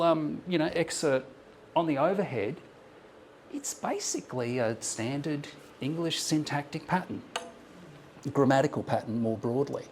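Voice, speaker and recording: A man's voice: fairly high pitch, a little hiss or hum. A man presenting an academic paper in a lecture room, explaining his points thoughtfully with frequent ums and restarts. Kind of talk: academic conference talk. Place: lecture room with slides on a screen.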